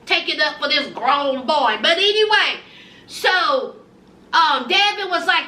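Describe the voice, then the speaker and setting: Sassy, very high-voiced woman recapping. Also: animated, slow pace, sharp tone, roomy sound, distant mic. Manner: sassy, gossipy, addresses viewers. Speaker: recap vlogger. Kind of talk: casual reality-show recap.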